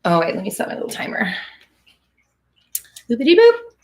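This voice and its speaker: A woman's voice: on the high side, wildly swooping pitch, very fast. A woman coaching on a live stream, chatty and blunt, swearing freely and laughing between comments. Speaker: manifestation coach hosting a live Q&A. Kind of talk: casual live-stream chat.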